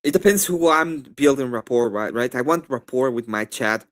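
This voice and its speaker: A man with a Spanish accent, debating on a live stream in a rambling, animated way with many fillers and restarts. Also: medium pitch, moderate pace.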